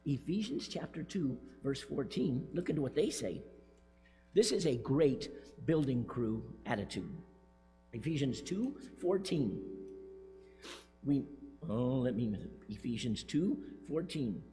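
A man's voice: mid-range voice, animated, measured pace, dark tone. A man preaching a sermon as pastor, emphatic and joking, repeating his key points. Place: church sanctuary, speaking from the pulpit. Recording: long church reverb, faint music.

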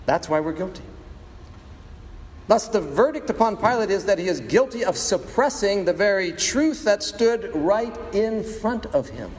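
A man preaching a sermon with dramatic pauses, rhetorical questions and playful sound effects. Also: high-pitched, expressive, big-room sound. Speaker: pastor.

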